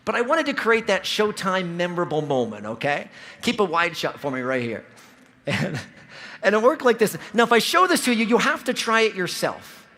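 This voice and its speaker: On a large convention hall stage, a man in his forties from Ohio gives a motivational keynote to a large audience. His voice is high-pitched and his pace moderate, and he engages the crowd directly while telling energetic stories.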